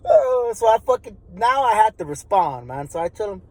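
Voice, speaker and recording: A man tells a story in loose, everyday talk, swearing freely and circling back on his words. His voice sits fairly high for a man. He rambles, restarts and keeps checking in with the listener. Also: animated, slow, gravelly, darkish tone, slightly rough, rough recording. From Texas. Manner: profane, rambling, many restarts. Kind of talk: casual spoken storytelling.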